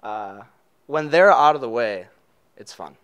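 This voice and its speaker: A man's voice: medium pitch, expressive, a little slow, fairly bright tone, clear, resonant tone. A young man, co-hosting a casual podcast chat in an easygoing, enthusiastic way. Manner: easygoing, enthusiastic, laid-back. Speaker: podcast co-host. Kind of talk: casual chat between roommates.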